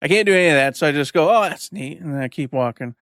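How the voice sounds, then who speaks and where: A man's voice: on the high side, rapid-fire, a bit bright, dry recording, studio quality. A man in his forties telling a rambling story in casual podcast chat, acting out what people said. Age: 40s. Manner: rambling storyteller, acts out quotes. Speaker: podcast co-host.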